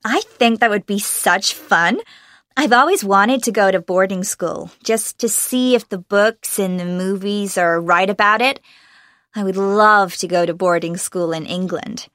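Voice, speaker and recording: A woman's voice: medium pitch, a little slow, fairly bright tone, no echo. Young woman, American accent, bubbly, laughs a lot, dry close sound. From Los Angeles, USA. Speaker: actress being interviewed. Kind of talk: casual interview answers.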